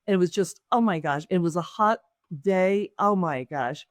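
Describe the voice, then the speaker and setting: A woman's voice: on the low side, moderate pace, no echo. A woman, an author and business owner, telling a personal story in an interview and acting out other people's lines as she goes.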